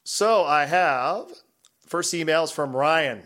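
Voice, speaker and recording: Podcast guy reading listener emails, jokey, laughs a lot, voice a bit high. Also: takes it slowly, a bit bright. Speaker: podcast co-host.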